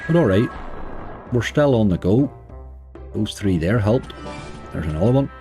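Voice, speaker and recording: A man with a deep, mellow voice gives loose, chatty commentary while he plays, muttering at the game and cheering it on. Faint music runs underneath. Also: animated, normal speed. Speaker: slots streamer. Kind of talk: casual commentary over gameplay.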